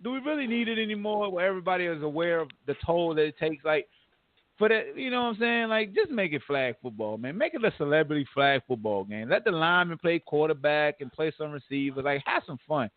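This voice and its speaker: A man hosting a podcast, ranting about sports in casual slang with lots of animated trash talk. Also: a little high, brisk, no echo. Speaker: podcast host. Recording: phone-like narrow audio.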